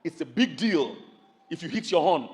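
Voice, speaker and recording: Nigerian pastor preaching with a high voice. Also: male voice, moderate pace. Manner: animated storytelling, calls questions to the audience, acts out loud yelling voices. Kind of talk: sermon.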